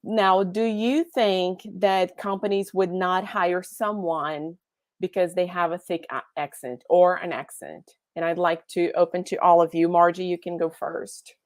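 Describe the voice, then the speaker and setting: A woman moderating a panel on a video call, encouraging and halting, with frequent restarts. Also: on the low side, fairly even intonation, dry recording.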